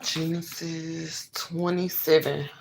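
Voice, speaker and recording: A woman hosting an online Bible reading stream, chatting casually with viewers and laughing easily, then reading scripture aloud with louder emphasis. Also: deep voice, little pitch movement, slow pace, vocal fry, noisy background.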